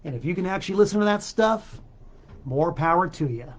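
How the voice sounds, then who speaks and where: A man's voice: high-pitched, animated, brisk, a little hiss or hum. A man hosting his own show, talking casually in a rambling, chatty way with many asides, his throat a bit choked up. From South Florida. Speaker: podcast host and record seller. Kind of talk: casual solo monologue. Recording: dull lo-fi sound.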